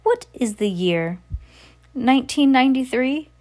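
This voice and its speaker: A woman's voice: high voice, expressive, unhurried, a little mellow, pitched above the performer's own voice. A woman reading a story aloud and voicing a haughty, scheming witch who purrs sweetly and cackles. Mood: cold, mocking. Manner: purring, then cackling.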